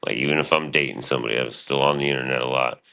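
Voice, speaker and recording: A man's voice: a bass voice, fairly even intonation, very fast, gravelly, sharp tone, smooth. A man streaming live, rambling casually and profanely about his past and his show, often quoting himself.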